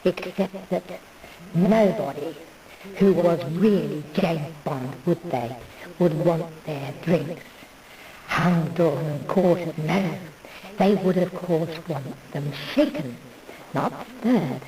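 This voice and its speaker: A woman's voice: low-pitched, takes it slowly, warm tone, far from the mic, low-quality recording. A woman in a meandering, digressive monologue who loses her thread. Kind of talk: rambling monologue.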